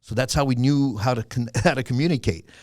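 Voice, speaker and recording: A man's voice: mid-range voice, a little fast, no room sound, clean studio sound. A man, a podcast guest telling stories in casual chat and laughing often. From the Bronx, New York. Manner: energetic storyteller, laughs often.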